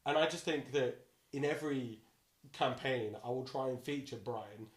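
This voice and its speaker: A man with a bassy voice, a dungeon master chatting casually as a podcast guest, playful and animated, often slipping into quick character voices. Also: reverberant.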